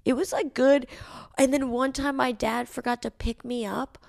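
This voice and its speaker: A young woman, a comedian, telling animated stories in casual podcast chat and swearing freely. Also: high voice, moderate pace, gravelly, no room sound. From New York City. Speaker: comedian guest.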